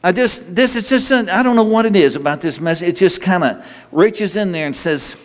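A man preaching a sermon in an earnest, halting way, repeating himself as his pitch rises and falls. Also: expressive. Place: church hall. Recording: long reverb of a hall.

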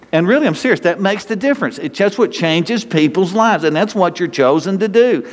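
A man with a North Texas accent, a pastor giving a lively, conversational sermon full of rhetorical questions. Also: fairly high pitch, fairly quick, long reverb tail.

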